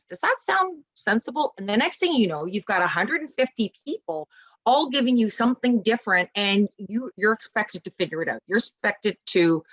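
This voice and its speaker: A woman guest in a casual interview, talking about parenting in an animated, emphatic way and acting out little dialogues. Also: medium pitch, no echo, poor audio.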